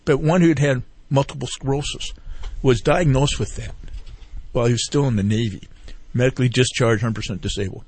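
Here a veteran guest on a relaxed talk-radio show talks up his fishing group, his medium-pitched voice brisk, darkish and slightly rough, with no echo. He spins long, winding stories, repeating others' words and looping back along the way.

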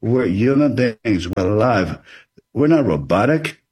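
In an author interview, this man talks earnestly and offers advice, sometimes performing sample dialogue. His voice sits on the low side with big swings in pitch, a slightly mellow quality, and a breathy edge, and he never rushes.

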